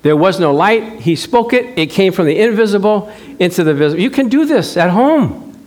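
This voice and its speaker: High-voiced preacher man, animated. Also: normal speed. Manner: animated, acts out dialogue, rhetorical questions to congregation. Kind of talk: sermon.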